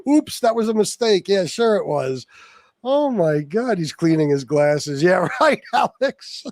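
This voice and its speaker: A man's voice: sits high, very animated, a little slow, darkish tone, no room sound. A man hosting a livestream, talking in crude, profane, mocking banter and laughing at his guests. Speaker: livestream host.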